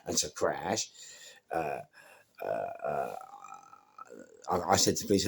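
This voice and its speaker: Slow and very deep, with vocal fry and long pauses, a middle-aged English man speaks in a London accent against slight background noise. He animatedly recounts a casual anecdote to the camera, acting out every voice in the dialogue.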